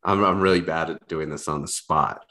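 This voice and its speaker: A man's voice: extremely low pitch, fairly even intonation, normal speed, pushed and bright. A young man co-hosting a podcast, talking in a casual, rambling, self-deprecating way with lots of restarts. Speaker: podcast co-host. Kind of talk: casual chat.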